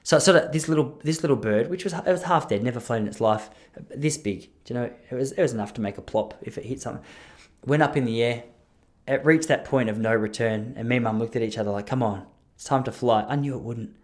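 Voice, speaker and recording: A man's voice: medium pitch, fast. A young man hosting a podcast, telling a long story alone in a rambling, jokey way and breaking off his own sentences. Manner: rambling, self-interrupting, jokey asides. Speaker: podcast host. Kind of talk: casual solo storytelling.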